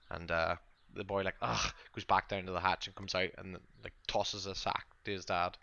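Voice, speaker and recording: Bright-voiced male game master. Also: deep voice, level tone, moderate pace, creaky, dry recording, lo-fi sound. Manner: loose, rambling narration with many fillers. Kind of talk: narrating a tabletop game.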